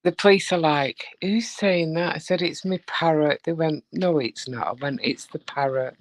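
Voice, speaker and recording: A woman chatting as a guest on a live stream, telling animated stories and acting out the voices in them. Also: low voice, moderate pace, no room sound. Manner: animated storyteller who acts out voices. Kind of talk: casual chat.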